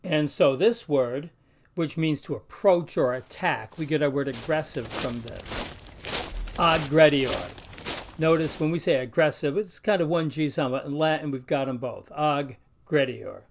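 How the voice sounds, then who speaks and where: A man teaching pronunciation in an instructional video, speaking carefully and slowly sounding out example words. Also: fairly high pitch. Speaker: Latin teacher.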